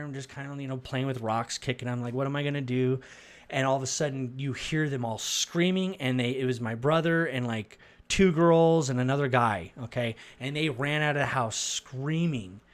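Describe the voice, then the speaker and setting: A middle-aged man from Arizona telling a personal religious testimony, rambling and halting, with many restarts. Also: mid-range voice. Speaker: storyteller.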